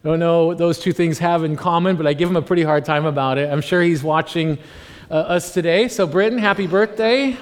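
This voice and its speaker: In a church hall with long reverb, a US pastor in his forties jokes his way through a loose sermon packed with fillers and asides. He speaks fairly quickly in a fairly high-pitched voice.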